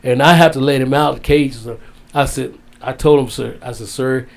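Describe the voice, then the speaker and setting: A man telling a heartfelt story as a guest, drawn out, dropping low and soft on the sad parts. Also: fairly even intonation, brisk, creaky. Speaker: wrestling guest. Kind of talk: storytelling in casual interview.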